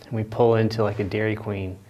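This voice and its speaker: A man hosting a live painting stream, chatting casually and telling loose, rambling stories in a relaxed way. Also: lowish voice, fairly quick, highs cut off. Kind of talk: casual chat while painting. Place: art studio.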